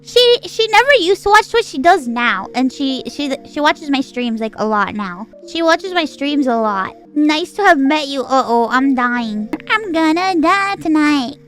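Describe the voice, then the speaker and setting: Giggly, dramatic woman streamer with a high voice, chatting casually over faint music. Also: unhurried, few pauses. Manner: animated and giggly, with dramatic outbursts. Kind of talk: casual livestream chat.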